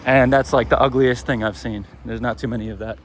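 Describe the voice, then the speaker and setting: Brief: chatty, opinionated male travel vlogger walking outdoors, handheld mic picking up clear traffic noise. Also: mid-range voice, steady tone, brisk. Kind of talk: casual walking vlog. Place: city streets outdoors. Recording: street noise around the mic. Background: traffic and urban street noise.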